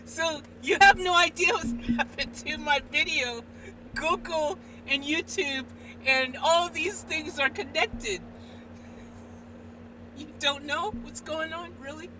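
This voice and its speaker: High-pitched woman, excitable live streamer, distant mic, faint hum behind. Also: takes it slowly. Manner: excitable, exasperated, swinging between shouting and muttering.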